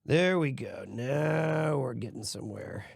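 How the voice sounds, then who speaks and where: A man's voice: medium pitch, lively intonation, a little slow, creaky, husky, no room sound, studio quality. A man hosting a stream, chatting casually and rambling while building a model set, often restarting his sentences. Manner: rambling, self-correcting, easygoing. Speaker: streamer host.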